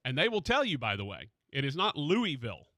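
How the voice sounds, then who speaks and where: A man hosting a sports radio show in a studio, chatting casually and excitedly about college basketball. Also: mid-range voice, fast talker, no echo.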